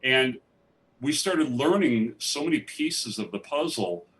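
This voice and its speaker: A man's voice: medium pitch, expressive, a little slow, a bit bright, slight background noise. Man, filmmaker guest, live interview, rambling enthusiasm, heard from afar on stage. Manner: rambling, enthusiastic storytelling with many restarts. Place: theatre stage. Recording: distant mic in a theatre.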